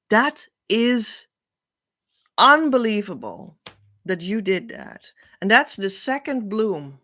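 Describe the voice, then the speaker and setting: Slow, earnest woman giving a spiritual talk. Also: medium pitch, sing-song. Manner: earnest and rambling, with frequent soft laughs. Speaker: spiritual teacher.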